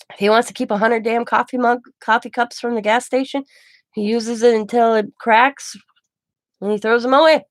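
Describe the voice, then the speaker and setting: A woman's voice: on the high side, no room sound. A middle-aged woman, casually chatting and telling a rambling family story full of quoted back-and-forth. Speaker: craft channel host. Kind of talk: casual chat to camera.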